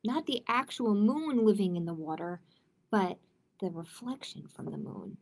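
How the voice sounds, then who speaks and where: A children's librarian reading a picture book aloud to children in a gentle, expressive way. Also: female voice, medium pitch, unhurried, creaky. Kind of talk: children's storytime read-aloud.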